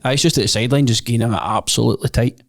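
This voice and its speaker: A young Scottish man in a relaxed podcast chat, his voice sitting at a middling pitch. He drops dry jokes and fills gaps with easy "aye"s and "mm-hmm"s. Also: rapid-fire, gravelly. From Scotland. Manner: laid-back, dry humour, lots of "aye" and "mm-hmm". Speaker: podcast co-host. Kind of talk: casual chat.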